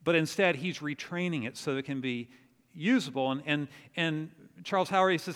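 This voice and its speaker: A man preaching a sermon, telling a story in an animated way and acting out the quotes. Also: fairly high pitch, moderate pace, smooth. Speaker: pastor. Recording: long reverb of a large hall.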